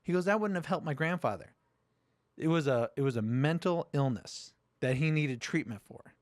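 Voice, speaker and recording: A man's voice: fairly high pitch, animated, normal speed, dry recording, clean studio sound. A man hosting a casual podcast chat, retelling a story in a loose, profane way. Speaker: podcast host.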